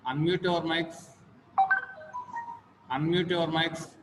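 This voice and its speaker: A man's voice: on the high side, level tone, slow pace. A man teaching English in an online class, repeating phrases again and again for his students to echo. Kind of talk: online class lecture with call-and-repeat drills. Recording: long reverb, faint noise.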